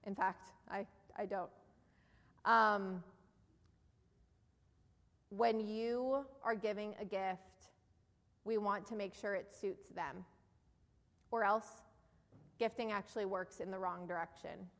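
A woman's voice: medium pitch, fairly even intonation, takes it slowly, pauses often. A woman with a New Jersey accent giving an earnest, persuasive business presentation to a live audience, often putting questions to the room. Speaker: keynote speaker. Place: event hall before a live audience. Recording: long hall reverb.

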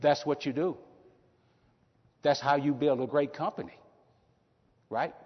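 A man's voice: a little high, steady tone, measured pace. A middle-aged man giving a motivational keynote speech, telling stories with feeling and repeating key phrases. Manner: emotional storytelling with repeated phrases. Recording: reverberant hall, dull sound.

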